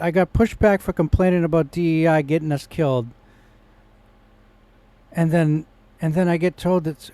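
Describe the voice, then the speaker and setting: A man's voice: on the high side, a little mellow, no echo. Man telling a rambling personal story. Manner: rambling, with restarts and rising indignation. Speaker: vlogger.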